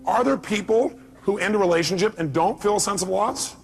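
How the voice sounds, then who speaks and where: A high-voiced man delivering a motivational seminar speech. He speaks emphatically and keeps tossing rhetorical questions to his listeners. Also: expressive, fairly quick, faint music behind.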